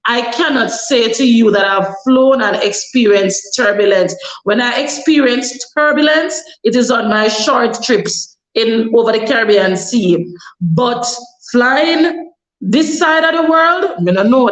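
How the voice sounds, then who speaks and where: Jamaican woman vlogger, young, chatty advice-giver who drifts into patois; roomy, echoing sound. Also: fairly high pitch. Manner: chatty, advising, slips into patois. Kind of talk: casual advice vlog. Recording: echoey room.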